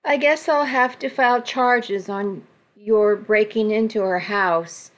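A woman reading as a calm police officer. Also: medium pitch, takes it slowly, natural voice. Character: weary, sensible male police officer.

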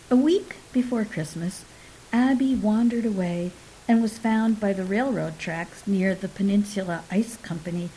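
A woman narrates short fiction with a mellow, warm tone and a steady, unhurried delivery. Her voice sometimes sinks into a soft whisper. A faint hiss sits under the recording. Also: mid-range voice, low-quality recording. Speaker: story reader. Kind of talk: scripted narration of short stories.

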